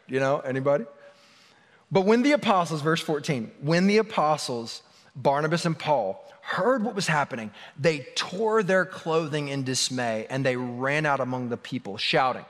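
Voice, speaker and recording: A man's voice: on the high side, animated, normal speed, a bit bright. A man preaching a sermon as pastor, talking in a candid, conversational way with touches of humor. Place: church sanctuary. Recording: long reverb of a large hall.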